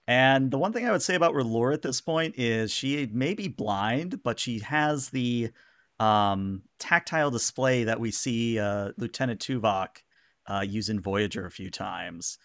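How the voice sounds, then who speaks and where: A man's voice: medium pitch, animated, unhurried, a bit bright, no room sound, clean studio sound. A man narrating a tabletop game as game master, describing scenes with frequent fillers.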